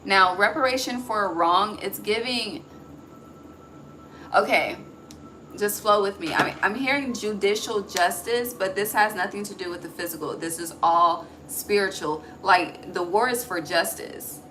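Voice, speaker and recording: A woman reads tarot in a loose, chatty way, cursing casually and checking in with her listeners. Her voice is bright and forward. It is recorded on a phone with a faint hiss underneath. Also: medium pitch, measured pace, low-quality recording. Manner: chatty, profane, asks "okay?" often. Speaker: tarot reader. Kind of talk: casual intuitive tarot reading.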